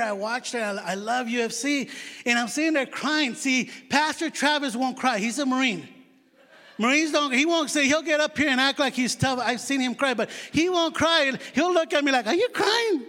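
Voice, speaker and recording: A man's voice: very high voice, moderate pace, bright, forceful tone. A man preaching a chatty, storytelling sermon in a church, joking about himself. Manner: chatty, storytelling, self-mocking. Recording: long hall reverb.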